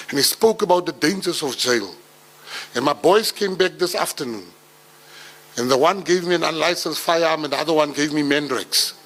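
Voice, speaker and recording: A man's voice: fairly high pitch, a bit bright, rough recording. Man doing an earnest South African businessman. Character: grateful middle-aged businessman father.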